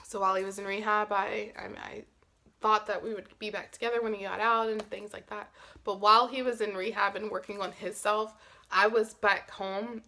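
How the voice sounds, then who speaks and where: A woman's voice: mid-range voice, flat delivery, normal speed, pushed and bright. A young woman telling a personal story in a candid, emotional vlog, swearing freely and saying "like" often. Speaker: vlogger.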